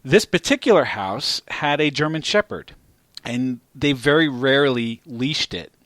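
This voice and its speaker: Profane, animated male podcast storyteller. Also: medium pitch, unhurried, dry recording. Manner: profane, animated storyteller who gets loud at climaxes. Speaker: podcast host. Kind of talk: casual storytelling chat.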